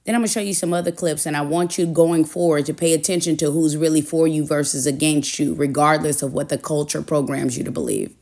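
Female commentary host, low pitch, blunt and cautionary. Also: steady tone, fast talker, few pauses, a little mellow. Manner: blunt, warning, preachy. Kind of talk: commentary to camera.

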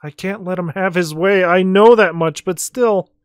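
A man's voice: high-pitched, normal speed, clear, resonant tone, no echo, studio quality, faint music behind, natural voice. A man reading the lines of a frightened teenage girl priestess in a video game, nervous and questioning.

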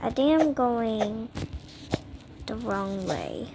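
A woman playing a horror escape game gives jittery, dramatic commentary, sinking to whispers and leaping into squeals. Her voice is on the high side, expressive and gravelly, and she draws out her words. The background is noisy.

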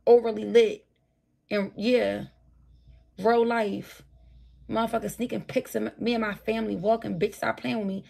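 A woman's voice: fairly high pitch, creaky, darkish tone. A tired woman ranting profanely and combatively at her viewers during a late-night livestream. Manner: profane, combative, talks straight at her chat. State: tired, burnt out.

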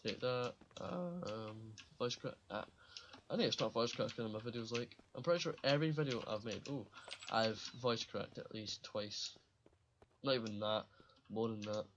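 A man's voice: fairly low pitch, normal speed, fairly bright tone, lo-fi sound, a little hiss or hum. A man giving casual commentary while playing a survival game, rambling and swearing freely and laughing at his own slips. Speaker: gaming channel host.

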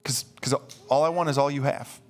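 A man's voice: mid-range voice, brisk. A man preaching a sermon as pastor, emphatic and repeating himself as he builds. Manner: emphatic, repeats words when excited. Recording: live church stream with faint music.

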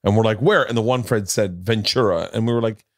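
A man's voice: on the low side, fairly quick, dry recording. Middle-aged male podcast host, storyteller, profane, does quoted voices, dry close sound. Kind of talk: casual chat.

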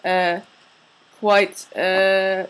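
A woman voicing a haughty English lady with a put-on English accent, halting and fishing for words. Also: medium pitch, little pitch movement, slight background noise, rough recording.

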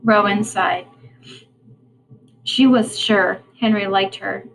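A woman's voice: mid-range voice, takes it slowly, vocal fry, pauses often, slight background noise, rough recording. A woman reading a storybook aloud to children with expression, stopping to ask them questions. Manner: expressive, prompting listeners to think.

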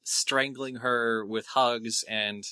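A man running a tabletop role-playing game as game master, chatty and quick to laugh. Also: medium pitch, fairly even intonation, pushed and bright, no echo.

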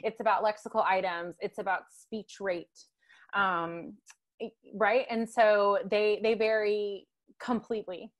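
A woman's voice: medium pitch, level tone, takes it slowly. A woman gives a guest lecture over a video call. She explains things in a loose, conversational way and checks in with tag questions. Her fillers come often. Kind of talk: online lecture.

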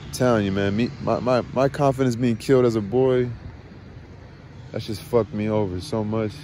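A man's voice: on the low side, steady tone, normal speed, dark tone, slight background noise. A man in a rambling, profane monologue, venting agitatedly about family and work. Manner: rambling, frequent swearing, agitated. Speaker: vlogger.

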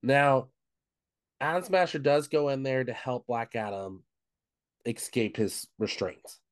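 A man's voice: mid-range voice, lively intonation, takes it slowly, no echo, studio quality. Man casually retelling a comic's plot. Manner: retells plot with frequent "um" and "of course". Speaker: book club co-host. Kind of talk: casual podcast chat.

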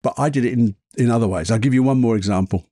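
A man's voice: mid-range voice, fast, dark tone, no room sound, studio quality. A man hosting a podcast, telling personal stories in a chatty way and laughing at his own anecdotes. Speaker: podcast host. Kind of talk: casual storytelling monologue.

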